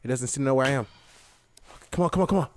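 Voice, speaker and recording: A young man giving casual let's-play commentary, excitable, swearing often and talking to himself as he plays. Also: mid-range voice, racing. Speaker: gaming video host.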